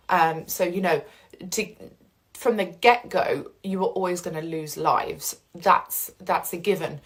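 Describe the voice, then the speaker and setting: A woman's voice: fairly low pitch, poor audio. A woman talking casually and earnestly about coping with upheaval, reassuring the listener and acting out the feelings people go through. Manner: earnest, reassuring, acts out inner voices. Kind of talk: casual talk to camera about coping with change.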